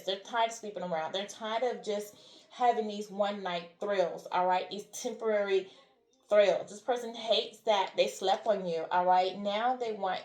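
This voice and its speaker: A woman's voice: mid-range voice, darkish tone, reverberant, a little hiss or hum. A woman giving a spiritual tarot reading who keeps checking in with "all right?" and "okay?". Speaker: tarot reader.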